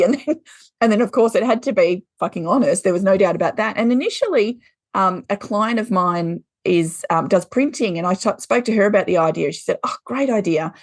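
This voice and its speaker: Australian woman, podcast guest, frank and salty, quick to laugh, dry close sound. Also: medium pitch, no echo. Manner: blunt, swears freely, laughs often. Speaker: guest, intuitive card deck creator. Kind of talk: casual podcast conversation.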